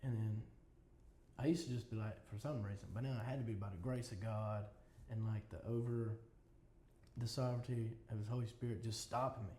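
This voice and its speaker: A man's voice: fairly low pitch, fairly even intonation, fairly quick, mellow, a little hiss or hum. A man as a podcast guest, talking in a casual interview with earnest, reflective storytelling. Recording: roomy echo with faint ambience.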